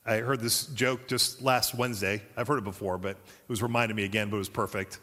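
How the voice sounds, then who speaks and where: A man's voice: lowish voice, fairly quick. Man preaching a sermon in a hall. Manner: animated, acts out quoted voices. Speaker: pastor.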